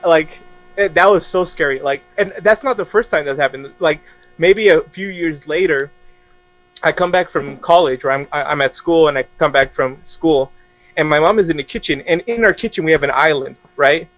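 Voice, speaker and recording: A young man telling a story casually as a podcast guest, animated and laughing often as he acts out quoted dialogue. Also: fairly high pitch, moderate pace, no echo.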